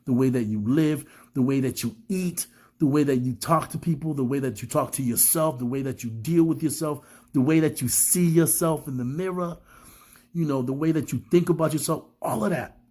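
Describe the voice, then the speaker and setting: A man's voice: fairly high pitch, moderate pace, dark tone, husky. A man giving a casual, rambling motivational talk to his viewers, slightly sick with a cough. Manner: rambling, repeats words, addresses viewers as guys. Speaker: self-help speaker.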